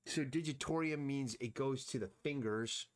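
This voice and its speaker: Talking at normal speed in a mid-range voice, a man streams his drawing as a comic artist. His narration is casual, full of thinking aloud and frequent mumbling to himself.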